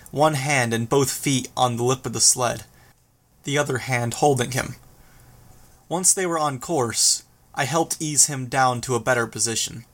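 A man reading a novel aloud as narrator, with steady, measured delivery. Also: mid-range voice. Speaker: audiobook narrator. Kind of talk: scripted narration.

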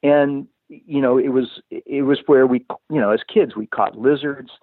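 Over a tinny, dry phone-line sound with no echo, a guest with a husky, medium-pitched voice and fairly even intonation recounts his life story at a moderate pace. He rambles casually, frequently restarting sentences and saying "you know."

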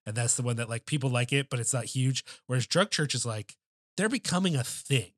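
A man's voice: mid-range voice, lively intonation, brisk, a bit bright, no echo, studio quality. A man co-hosting a podcast in casual chat, telling a loose, profane story with lots of filler words. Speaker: podcast co-host.

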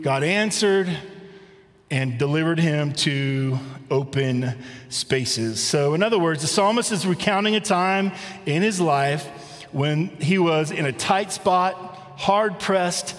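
A middle-aged man delivers a sermon in a relaxed, conversational way, slowing down to read scripture aloud. His voice sits a little high for a man. It rings out in a church with a long echo. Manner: conversational preaching, rhetorical questions, reads scripture slowly. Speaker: pastor. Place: church sanctuary.

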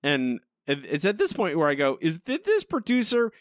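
A man's voice: a little high, wildly swooping pitch, normal speed, dry recording, studio quality. A man co-hosting a podcast, rambling and exasperated, asking why again and again. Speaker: podcast co-host. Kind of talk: casual critical chat.

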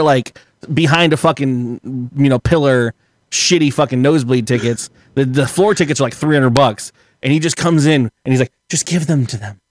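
A man's voice: on the high side, no room sound, clean studio sound. A man telling a long story on a podcast in a profane, rambling way, often laughing as he talks. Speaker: podcast guest. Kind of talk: casual storytelling.

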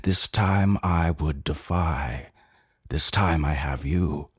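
A man giving intense, brooding narration of a story, slow and deliberate. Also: a bass voice, slightly rough, dry recording, studio quality. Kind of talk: dramatic audiobook narration.

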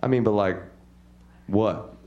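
On a comedy club stage, a man does brash crowd work, laughing at his own jokes and doing lively voices for the people he quotes. His voice sits on the low side and moves slowly, with lo-fi sound.

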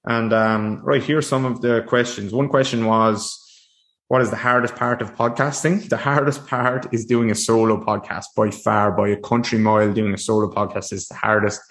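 A man's voice: on the low side, fairly even intonation, moderate pace, fairly bright tone. Man rambling through a solo podcast. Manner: casual, rambling with frequent restarts and fillers. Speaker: podcast host. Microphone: desk mic facing a screen.

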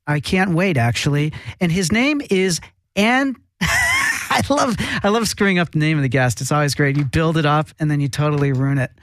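A man's voice: a little high, wildly swooping pitch, moderate pace, fairly bright tone, dry recording. A man hosting a casual comedy talk show, joking and rambling, often breaking off and restarting his sentences. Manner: joking, rambling, self-interrupting.

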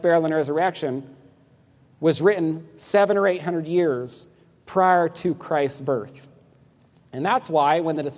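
A man's voice: fairly high pitch, darkish tone. Emphatic male preacher in a reverberant hall. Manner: emphatic preaching, asks the congregation to respond. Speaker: pastor. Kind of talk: sermon.

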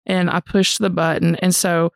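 Gravelly Southern woman telling a story. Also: on the low side, normal speed, no echo, studio quality. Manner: animated, profane, frequently says y'all. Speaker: podcast co-host. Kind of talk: casual storytelling chat.

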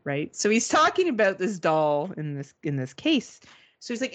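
A woman with a low voice co-hosts a podcast, her pitch swinging hugely as she talks at a normal speed. She tells a story in casual, profane chat and imitates the beeping of gadgets.

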